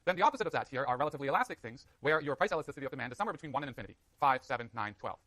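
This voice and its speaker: Fast, animated male economics lecturer. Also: mid-range voice, dry recording. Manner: energetic, joking with students. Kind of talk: university lecture. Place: lecture hall.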